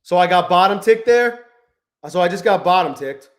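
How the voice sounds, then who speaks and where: A man with a fairly high voice narrates his trades live, swearing in nearly every sentence. He mutters low and bitter, then flares into shouting when a trade turns on him. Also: expressive, moderate pace. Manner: profane, swings between muttering and shouting at the chart. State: frustrated and angry. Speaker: livestreaming futures trader. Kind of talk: live-stream trading commentary.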